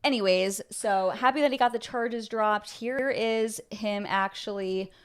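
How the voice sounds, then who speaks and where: A woman's voice: medium pitch, a little slow, clean tone. Breezy woman hosting a livestream. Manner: breezy, flippant, chatty. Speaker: livestream host. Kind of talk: casual livestream chat.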